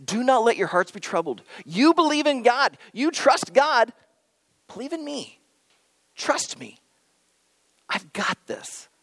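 A preacher voicing a calm, gentle male teacher who speaks softly and reassuringly to his friends. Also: mid-range voice, moderate pace, hardly any pauses, no room sound, voice pushed up.

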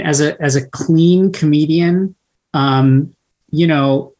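A man hosting an interview, asking long questions in a thoughtful, searching way. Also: a little high. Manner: thoughtful, slow, searching phrasing with restarts. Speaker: interview host.

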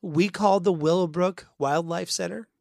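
A man hosting a church podcast, telling stories in a casual chat with lively, animated delivery and quick restarts. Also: sits high, creaky, no echo, studio quality. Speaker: podcast host.

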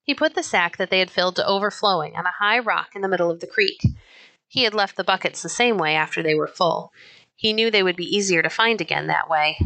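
A woman narrating a children's novel chapter aloud in an even, unhurried storytelling manner. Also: lowish voice. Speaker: audiobook narrator.

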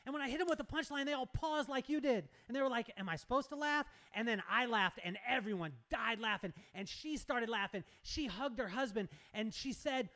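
A man's voice: extremely high pitch, fairly quick, hardly any pauses, pushed and bright. A man telling a story with animation in a casual chat, acting out dialogue and laughing often. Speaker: guest speaker.

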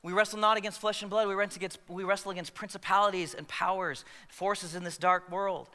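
A man's voice: sits high, fairly even intonation, a little fast, pushed and bright, clean tone, in a large hall. A man preaching a sermon in a conversational way, with joking asides to the congregation. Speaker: pastor.

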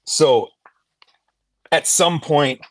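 A man's voice: on the high side, drawn-out words, no echo. Laid-back Canadian man, dry close sound. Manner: storytelling, laid-back, swears casually. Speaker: podcast guest. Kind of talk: casual chat.

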